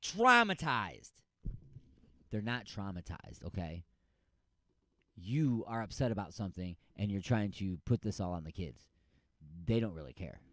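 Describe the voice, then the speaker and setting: A man's voice: deep voice, moderate pace, mellow, no echo. A man hosting a radio show, giving a sarcastic, rambling comic rundown of odd news stories. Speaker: radio host.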